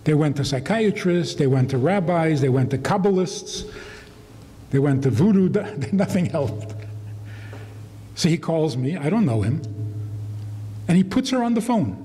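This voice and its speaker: A man's voice: on the high side, expressive, unhurried, pauses often, dark tone. A man giving a humorous storytelling lecture to an audience as a rabbi, wry and laughing at his own anecdotes. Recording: long reverb of a hall.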